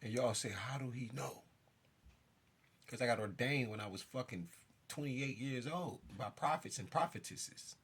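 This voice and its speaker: A man with a gravelly, husky voice rants straight at his listeners. His delivery is intense and profane, and he keeps jumping around as he speaks. The voice sits at an ordinary middle pitch. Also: moderate pace, a bit bright. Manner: jumps around while talking. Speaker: self-styled spiritual figure. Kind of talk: ranting monologue to camera.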